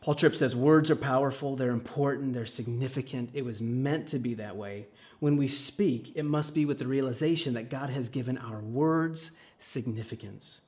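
A middle-aged man preaching a sermon, earnest, with dramatic pauses and phrases that sink to a hush. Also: mid-range voice. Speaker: pastor.

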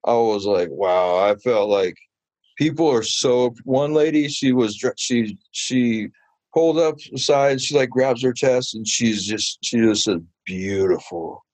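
A man being interviewed about his mural work, telling stories in a casual, animated way full of fillers. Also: mid-range voice, unhurried, dry recording. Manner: animated, chatty, many fillers. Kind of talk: casual storytelling.

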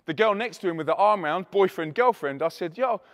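In a large hall, a male Christian youth speaker tells an audience an emphatic, animated testimony story, acting out the quoted dialogue. His voice sits high and moves fairly quickly.

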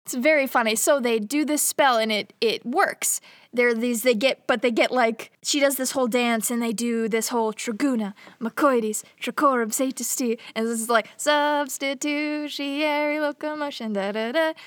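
A woman's voice: fairly high pitch, moderate pace, no room sound, clean studio sound. A young woman casually retelling a movie plot to a co-host, chatty and giggly, acting out the characters' lines. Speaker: podcast co-host.

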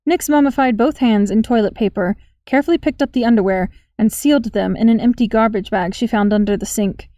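A woman reading a story aloud in a steady, even storytelling manner. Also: a little high, a little fast, hardly any pauses, dry recording. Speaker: audiobook narrator. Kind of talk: scripted narration.

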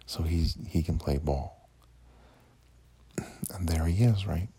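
A man's voice: low voice, takes it slowly, dark tone, slightly rough. A man casually telling a rambling, profane story about his day, full of fillers and restarts.

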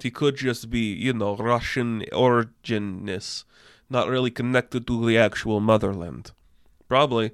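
A man runs through entertainment news in a loose, excitable way, swearing now and then as his enthusiasm builds. His voice is smooth and clear. It is recorded close and dry. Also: mid-range voice, no room sound. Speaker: movie news host. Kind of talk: casual entertainment news commentary.

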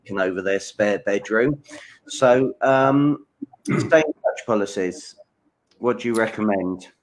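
A man from the United Kingdom hosting a live interview show, asking brisk questions and thanking his guest. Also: on the low side, low-quality recording. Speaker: host.

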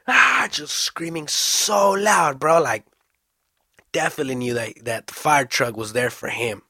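A young man telling a story casually, full of slang and swearing, animated and fast. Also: medium pitch, no room sound, clean studio sound.

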